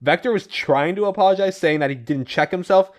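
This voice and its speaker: A man's voice: high-pitched, fairly quick. A man hosting a casual podcast and recapping comic plots, swearing and laughing as he goes. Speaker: podcast host.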